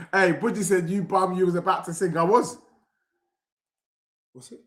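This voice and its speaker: High-pitched excitable young man. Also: a little slow. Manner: excitable, loud, reads chat messages aloud. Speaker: football watchalong streamer. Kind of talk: live match reaction with chat.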